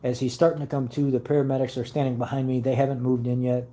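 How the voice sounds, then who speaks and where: A man with a dark, mellow voice chats casually with his viewers. He rambles earnestly through his stories, stopping often on "uh" and "um" as he gathers his thoughts. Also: medium pitch, level tone, fast, rough recording. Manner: rambling, hesitant, with many fillers; earnest storytelling. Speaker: car channel host.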